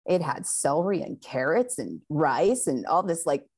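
A woman's voice: low-pitched, very animated, normal speed, a little mellow, husky. A woman guest on a faith talk show, telling a story animatedly and laughing often.

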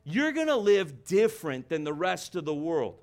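High-voiced, fervent male preacher. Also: very animated, normal speed, a little mellow. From United States. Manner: passionate, emphatic preaching with repetitions. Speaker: pastor. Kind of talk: sermon.

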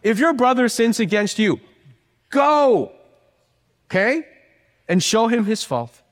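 A man teaching a church workshop, preaching with animated, jokey asides. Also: high voice, moderate pace, big-room sound. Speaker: workshop speaker.

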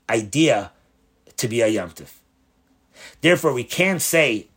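A rabbi giving a spoken Torah lesson, explaining step by step, posing questions and answering them, often restarting and rephrasing mid-sentence. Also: male voice, medium pitch, a bit bright. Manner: explanatory, asks and answers his own questions. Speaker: rabbi teaching a Torah class.

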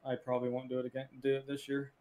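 A man's voice: medium pitch, completely flat delivery, very fast, darkish tone. A man chatting casually on a podcast, easygoing and rambling with lots of fillers. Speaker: streamer and podcast co-host. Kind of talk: casual chat.

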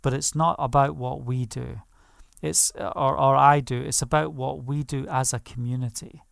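A man's voice: medium pitch, fairly even intonation, normal speed, creaky, dry recording, clean studio sound. A man pastor preaching a passionate sermon, declaring over property and leading prayer.

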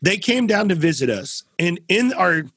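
A man with a high, husky voice hosts a relaxed interview podcast. He tells stories with animation and acts out the quotes with big swings in his voice. The sound is dry and close. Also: normal speed, dry recording. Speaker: podcast host. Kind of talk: casual conversational interview.

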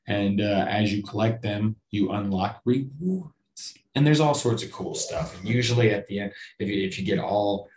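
A man with a somewhat low voice talks on his own podcast in a loose, meandering way. He swears casually, pokes fun at himself, and often stumbles and restarts mid-sentence. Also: moderate pace, hardly any pauses, darkish tone. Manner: rambling, profane and self-deprecating, with frequent restarts. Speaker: podcast host. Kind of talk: casual solo podcast chat.

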